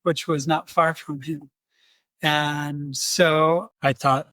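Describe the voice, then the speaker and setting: A man hosts a podcast and tells a personal story in an animated way, slipping into the voices of the people in it. His voice sits a little high for a man. The recording is close and dry, with no room sound. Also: slow, no echo. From United States. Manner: animated, acts out quoted voices. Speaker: podcast host. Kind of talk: storytelling in conversation.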